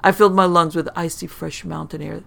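Deadpan, gravelly storyteller. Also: mid-range voice, brisk. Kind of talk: dark comic storytelling.

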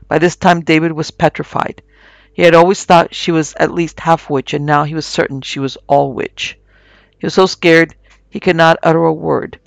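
A man narrating a scripted horror story in a slow, measured way as podcast host. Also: a little high, vocal fry, dry recording.

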